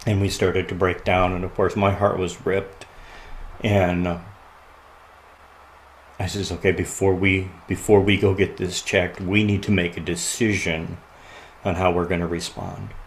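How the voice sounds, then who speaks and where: A man sharing a personal story as a podcast guest, earnest and often quiet and halting, laughing at the lighter moments. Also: low-pitched, level tone, slight background noise, poor audio.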